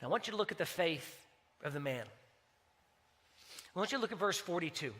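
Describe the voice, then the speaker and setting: A man's voice: fairly high pitch, lively intonation, fairly quick, a bit bright. A man preaching a sermon as pastor, talking in a conversational way and telling stories with acted-out dialogue.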